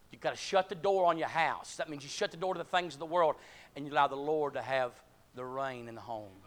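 Male preacher, high-pitched, fervent, shouting in bursts, church sermon. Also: fairly quick.

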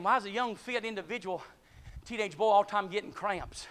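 A man preaching a sermon, calling out to the congregation and climbing to shouted peaks, short of breath at times. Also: high-pitched, fairly quick. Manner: call-and-response, rising to shouting peaks.

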